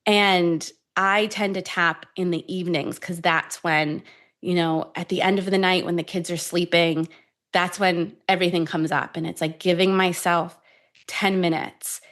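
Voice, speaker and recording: A woman in her thirties who is a tapping expert, guiding a calm tapping sequence and then telling stories in an animated, conversational way. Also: fairly low pitch, unhurried. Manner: calm, soothing guidance shifting to animated storytelling. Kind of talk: guided tapping and conversational chat.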